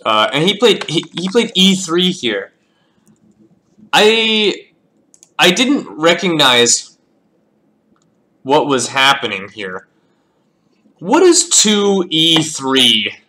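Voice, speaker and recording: A man's voice: a little high, big pitch swings, very slow, long pauses, sharp tone. A man casually reviewing his own chess games, thinking aloud as he calls out the moves and often repeating words. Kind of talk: casual game analysis.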